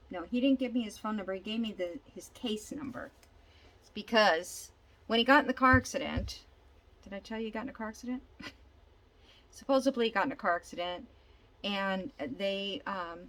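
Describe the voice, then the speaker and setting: An older woman talks slowly and easily through a crafting session, musing to herself about each step. She wanders off into a rambling story and keeps losing the thread. Her pitch sits in an ordinary middle range. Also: rough recording. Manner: chatty, thinks aloud while working, rambling storyteller. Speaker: junk journal crafter. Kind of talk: casual crafting vlog.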